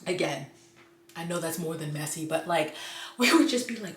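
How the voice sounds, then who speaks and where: A woman's voice: lowish voice, a little slow, pauses often. Gushing book vlogger woman, echoey room. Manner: gushing, animated, quotes her own reactions. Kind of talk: casual book review chat. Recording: echoey room with faint noise.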